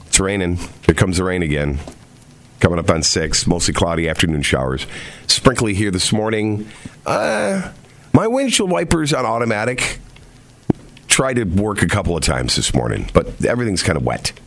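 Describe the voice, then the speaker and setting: Deep-voiced easygoing radio co-host man. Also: big pitch swings, normal speed, creaky, a bit bright. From upstate New York. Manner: easygoing and rambling, gives the weather report. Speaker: radio morning show co-host. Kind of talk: casual on-air chat.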